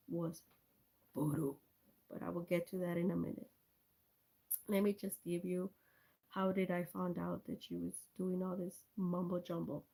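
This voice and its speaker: A woman talks slowly through a rambling, chatty story on a live stream, speaking straight to viewers by name. Her voice is dark and mellow with a gravelly edge, picked up on a cell phone. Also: on the low side. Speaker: livestream host.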